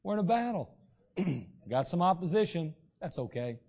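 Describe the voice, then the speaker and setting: A man preaching a sermon as pastor, in a conversational way with frequent throat clearing. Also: sits high, big pitch swings, normal speed, a little mellow. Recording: dull lo-fi recording.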